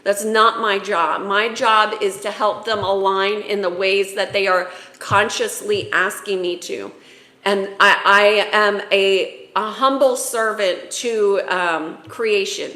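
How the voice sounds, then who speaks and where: A woman's voice: mid-range voice, fairly even intonation, slow, bright, forceful tone, echoey room. A woman spiritual coach giving a heartfelt, emotional talk about the soul, tearful at times.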